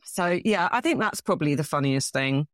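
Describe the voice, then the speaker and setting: A middle-aged English woman, a bridge champion being interviewed, telling self-deprecating stories in a casual, animated way. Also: low-pitched, moderate pace, dry recording, studio quality. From England.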